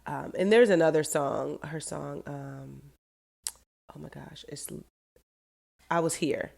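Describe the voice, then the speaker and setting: A woman's voice: sits low, steady tone, measured pace, creaky, a little mellow. A middle-aged woman hosting her own podcast, talking through her thoughts in a candid, heartfelt solo monologue that turns emotional at times. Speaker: podcast host.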